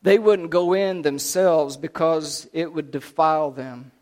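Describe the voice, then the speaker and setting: A man preaching, retelling a scripture story dramatically, swinging between loud and hushed. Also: a little high, fairly even intonation, measured pace.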